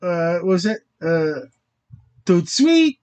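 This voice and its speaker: A man's voice: high voice, very animated, slow pace, darkish tone, clear, resonant tone, lo-fi sound. A man hosting his own channel in a rambling, hesitant casual monologue, often stopping short and fumbling over foreign words. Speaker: channel host.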